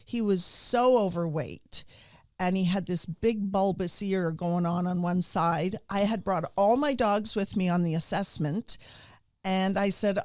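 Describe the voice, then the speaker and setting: Middle-aged woman, casual podcast guest, anecdotal and warm, dry recording. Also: mid-range voice, unhurried, no room sound. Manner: storytelling, warm and animated with laughs. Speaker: rescue dog trainer, guest.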